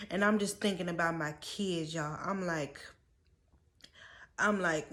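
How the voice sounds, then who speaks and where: A young woman speaks slowly and deliberately in a storytime vlog, her voice sitting a little low. She sounds earnest and close to tears, pleading with her viewers. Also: a bit bright. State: holding back tears. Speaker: vlogger.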